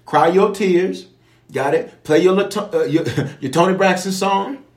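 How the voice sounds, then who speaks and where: A man's voice: high-pitched, moderate pace, a little mellow. A man preaching to an online audience, repeating key phrases and calling on viewers to respond. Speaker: pastor leading online prayer. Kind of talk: livestream sermon and prayer teaching. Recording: echoey room.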